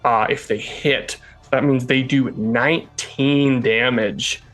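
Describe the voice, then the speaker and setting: A man narrating a tabletop game as game master, in a halting way with chuckles. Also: mid-range voice, fairly even intonation, fairly bright tone.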